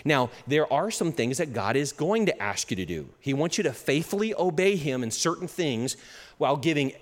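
A man preaching a sermon in a church hall, with an animated delivery. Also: fairly high pitch, normal speed. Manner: animated, acts out little quoted exchanges, chuckles at his own jokes. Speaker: pastor. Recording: long hall reverb.

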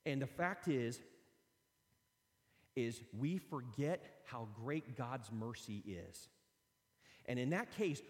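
A man's voice: mid-range voice, in a large hall. A man preaching a sermon in a conversational way, reading scripture aloud and breaking off into casual asides. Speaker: pastor.

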